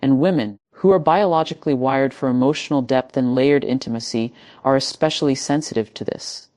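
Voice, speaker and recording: A woman giving a scripted motivational speech in measured, emphatic short phrases with dramatic pauses. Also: rumbling low, a little mellow. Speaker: motivational speaker.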